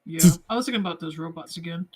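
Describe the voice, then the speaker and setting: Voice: mid-range voice, rapid-fire, breathy edge. A player in casual tabletop play, speaking in a hesitant, rambling way.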